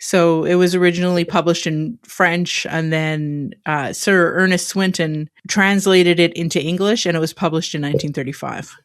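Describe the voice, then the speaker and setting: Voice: medium pitch, steady tone, normal speed, few pauses, clear, resonant tone. A podcast co-host presenting the research in casual chat, explaining carefully and reading out passages.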